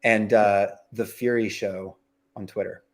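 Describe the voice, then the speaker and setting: A man's voice: fairly low pitch, steady tone, measured pace. A man as an interview guest, speaking plainly and from the heart. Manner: heartfelt, plain-spoken, with fillers. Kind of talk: candid conversation.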